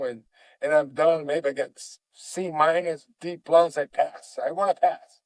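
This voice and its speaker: Animated man in broken English. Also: on the high side, unhurried, no echo. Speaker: jiu-jitsu master, guest. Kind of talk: storytelling in conversation.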